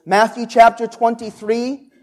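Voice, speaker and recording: A male pastor preaching a sermon, drawing answers from the congregation and building to loud, emphatic peaks on key words. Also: very high voice, flat delivery, unhurried. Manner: call-and-response preaching, asks the congregation to answer.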